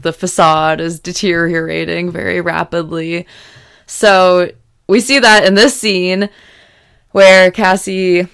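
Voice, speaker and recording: A young woman hosting a podcast, recapping a TV episode in frank, casual chat full of "like" and raising her voice when excited. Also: low voice, gravelly, smooth, dry recording, clean studio sound. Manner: chatty, frank, lots of "like" fillers; gets loud when excited. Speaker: podcast host recapping a TV series.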